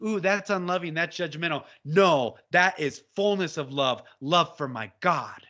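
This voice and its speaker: Passionate male preacher-type talker with a forceful, bright delivery on a muffled recording. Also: a little high, a little slow. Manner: impassioned, exhorting, rising to shouts when quoting. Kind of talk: fervent preaching conversation. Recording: dull lo-fi audio.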